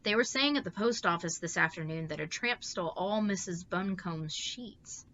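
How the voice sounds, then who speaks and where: A woman voicing an anxious teenage girl who wails and frets in a shrill voice. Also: lively intonation, normal speed, a bit bright, highs cut off, slight background noise. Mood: wailing. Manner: wailing, shrill.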